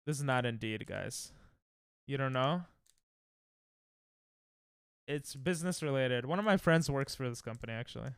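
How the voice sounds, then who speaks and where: Lively, excitable male streamer. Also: mid-range voice, moderate pace, vocal fry, long pauses, clean tone, no room sound, clean studio sound. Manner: excitable, reactive, thinks aloud. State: tired. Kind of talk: casual live-stream chat while playing games.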